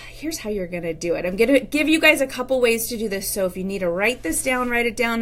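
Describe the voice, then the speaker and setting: A woman's voice: on the high side, animated, quick pace. A woman in her thirties, a relationship coach talking candidly to viewers on a live stream. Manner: chatty and candid, addresses viewers directly.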